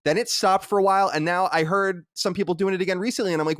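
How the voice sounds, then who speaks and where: A man's voice: high-pitched, steady tone, rapid-fire, hardly any pauses, fairly bright tone, dry recording, clean studio sound. A man co-hosting a podcast in casual chat, arguing his points with animation and reading listener mail aloud. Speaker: podcast co-host.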